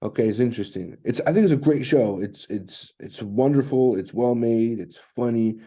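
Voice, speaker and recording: A man's voice: mid-range voice, normal speed, dark tone, slightly rough. A man co-hosting a podcast, chatting casually, rambling and swearing, acting out quotes as he goes. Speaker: podcast co-host. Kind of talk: casual chat.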